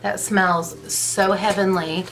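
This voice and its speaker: A woman's voice: medium pitch, steady tone, takes it slowly, over music. A woman talking casually through her makeup in a rambling, gushing get-ready-with-me vlog. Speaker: beauty vlogger.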